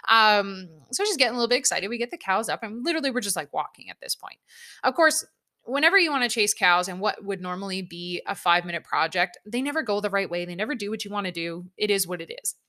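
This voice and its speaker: A young woman with a bright, forward tone recounts a personal anecdote in a relaxed, conversational way. She is candid and self-mocking and swears without hesitation. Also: medium pitch, quick pace. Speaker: storyteller.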